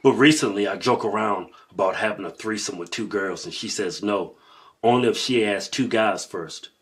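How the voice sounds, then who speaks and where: A man in casual comedic banter, joking crudely, loud, and breaking into laughter often. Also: lowish voice, moderate pace. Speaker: comedy vlogger.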